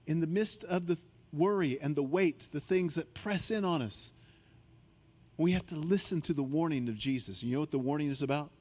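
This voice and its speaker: Animated preacher man in a reverberant hall. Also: a little fast. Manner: animated storytelling, acts out panicked disciples in a higher voice; drops low and quiet for key points. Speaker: guest preacher. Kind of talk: sermon.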